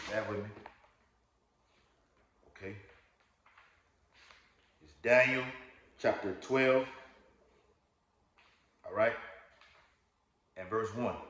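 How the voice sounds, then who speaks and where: A man preaching informally, with a fairly low voice and a loose, rambling delivery, often checking in with his listeners. He stops to read verses aloud. The room around him sounds echoey. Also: noisy background. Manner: rambling, repeats "all right?" and "okay?", reads scripture aloud. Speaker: lay preacher. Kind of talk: informal religious teaching video.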